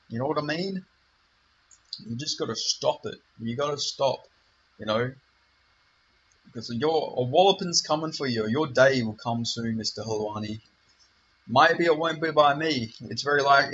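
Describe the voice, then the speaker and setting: Heated swearing man, channel host, rambling rant, bright tense voice, dull lo-fi recording. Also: medium pitch, a little hiss or hum. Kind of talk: profane rant to camera.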